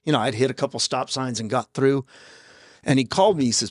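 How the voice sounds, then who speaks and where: A man in his fifties, a podcast guest, telling his own story in a raw, halting way with blunt profanity. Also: mid-range voice, no room sound, studio quality. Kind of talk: candid personal storytelling in an interview. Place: podcast studio. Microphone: studio microphone.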